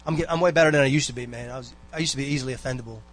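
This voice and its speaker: A man's voice: mid-range voice, very fast. A man giving a rambling, folksy exhortation to a church congregation, full of asides and personal stories. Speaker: church member giving a talk.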